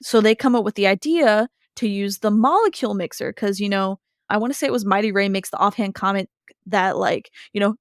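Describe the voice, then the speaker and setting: She co-hosts a podcast, casually walking through a cartoon episode and briefly voicing its characters as she goes, all with animated storytelling. Her mid-range voice moves a little fast, and the recording is dry and studio quality.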